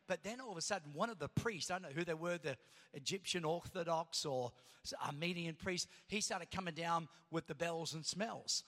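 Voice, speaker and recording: A middle-aged man preaching a sermon as pastor, telling a story and then rising to loud preaching. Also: a little high, normal speed. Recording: long hall reverb.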